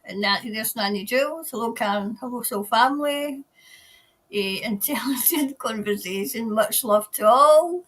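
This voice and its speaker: A woman's voice: a little high, unhurried, fairly bright tone. A woman with a Scottish accent hosting a casual livestream, reading viewer comments aloud and greeting people by name. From Scotland. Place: New Zealand.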